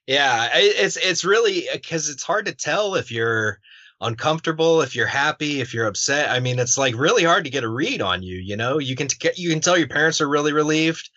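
Podcast host guy, bright edgy voice, casual and blunt, cusses, dull muffled audio. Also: fairly high pitch, expressive, fairly quick, no room sound. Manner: casual and blunt, swears freely, filler-heavy questions. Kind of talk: casual interview. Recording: dull, muffled dry recording.

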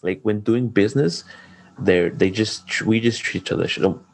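Low voiced guy rambling thru a story, cusses a lot, does little voices for people. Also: normal speed, gravelly. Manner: rambling, profane storytelling with acted-out quotes. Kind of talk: casual chat.

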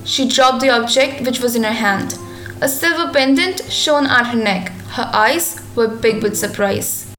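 A woman narrating a scripted audio drama in a measured storytelling manner. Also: on the high side, fairly bright tone, soft background music.

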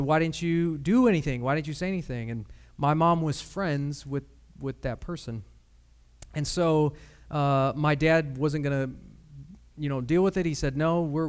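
A man preaching a sermon with personal testimony, earnest and measured, with pauses and fillers. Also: on the high side, darkish tone. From Michigan.

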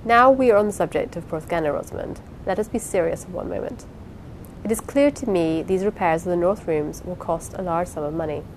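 A woman reading the part of a gentle blind husband in an audiobook, measured and tender. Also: lowish voice, slight background noise, lightly acted, poor audio.

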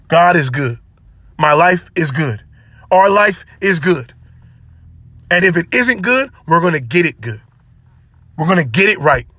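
A man's voice: high voice, bright, forceful tone, husky, dry recording, clean studio sound. A man hosting his own podcast alone, talking in an impassioned, preachy way and repeating phrases for emphasis. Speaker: podcast host. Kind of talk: solo motivational podcast talk.

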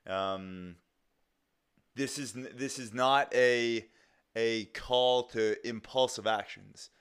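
A man's voice: mid-range voice, steady tone, takes it slowly, a bit bright, smooth. A young man hosting a casual solo podcast, rambling loosely with lots of fillers and restarts and some casual swearing. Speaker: podcast host.

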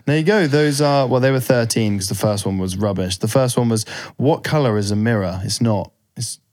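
A man's voice: medium pitch, brisk, a little mellow. A man co-hosting a podcast, reading out silly questions in casual chat and laughing a lot. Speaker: podcast co-host.

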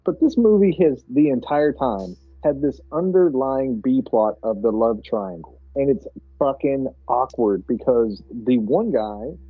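Husky, sarcastic man on a dull mic. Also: mid-range voice, a little slow, no room sound, faint music behind. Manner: sarcastic, profane, dry asides. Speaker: podcast co-host. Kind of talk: casual movie-review chat.

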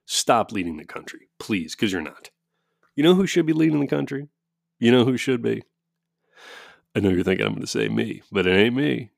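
Man, casual home monologue, profane, sarcastic, lively pitch swings, dry close sound. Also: creaky, no echo. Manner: animated, profane, sarcastic, frequent laughs. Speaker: parent with kids at home.

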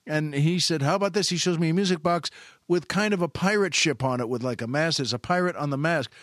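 A man spins a personal anecdote in a loose, rambling way, often stopping short and restarting his sentences. His voice sits a little high for a man. The recording is close and dry. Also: fairly bright tone, no echo. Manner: repetitive, halting, self-correcting. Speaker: storyteller.

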